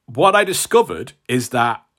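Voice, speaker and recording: A man's voice: medium pitch, big pitch swings, a little slow, a bit bright. A man co-hosting a podcast in a casual, wry, teasing way. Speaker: podcast co-host. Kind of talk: casual chat.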